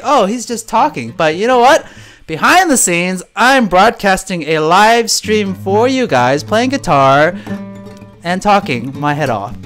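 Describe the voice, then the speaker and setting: A young man hosts a live stream, his voice swinging up and down as he makes his points with rhetorical questions. A soft guitar plays quietly under his casual chat. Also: high voice, clean tone. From Chicago. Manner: lively, emphatic, rhetorical questions, reads chat names aloud. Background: soft guitar playing.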